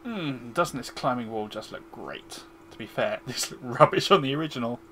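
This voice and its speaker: A man's voice: mid-range voice, animated, normal speed, bright, forceful tone, slight background noise. A man chatting casually while streaming a game, cracking jokes and poking fun at his own play. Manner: joking, self-deprecating.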